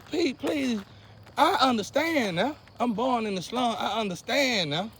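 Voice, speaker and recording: High, gravelly man ranting outdoors. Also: a little hiss or hum. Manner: preachy, repetitive, swings from loud outbursts to low muttering. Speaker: vlogger. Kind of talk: casual rant to camera.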